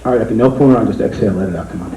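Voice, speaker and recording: A man's voice: on the low side, very fast, noisy background. A young man performing a stand-up comedy magic act, with playful, dry asides to the crowd. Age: young adult. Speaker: comic magician. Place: comedy club stage. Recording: echoey club recording with loud audience.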